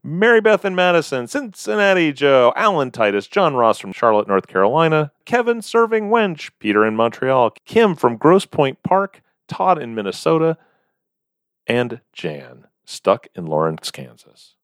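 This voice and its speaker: A man's voice: mid-range voice, sing-song, moderate pace, no room sound, clean studio sound. A man co-hosting a podcast, chatting casually and wryly reading out a list of listener names. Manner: wry, reads out a long list of names. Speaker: podcast co-host. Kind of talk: casual chat.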